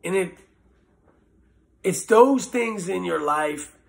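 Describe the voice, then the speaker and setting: A man who served prison time gives personal testimony about addiction, talking in an earnest, halting and blunt way with some swearing. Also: high voice, expressive, vocal fry. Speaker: former prisoner sharing recovery story.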